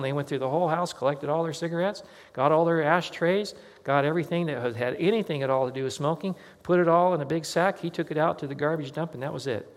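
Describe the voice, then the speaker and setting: A male pastor preaching a sermon, telling a personal story in a conversational way and acting out the dialogue. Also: on the high side. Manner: conversational, anecdotal, acts out quoted dialogue. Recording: long hall reverb.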